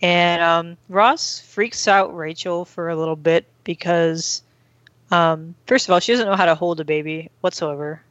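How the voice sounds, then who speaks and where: A woman's voice: lowish voice, unhurried, fairly bright tone, dry recording, lo-fi sound. A woman hosting a casual chat, rambling through a recap with many fillers and acting out quoted lines. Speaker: podcast host recapping an episode.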